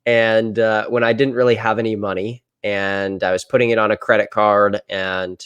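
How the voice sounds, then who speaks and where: A man hosting a casual interview, speaking thoughtfully and pausing to search for the right words. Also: lowish voice, level tone, a bit bright, clean tone, dry recording, muffled recording. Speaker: podcast host.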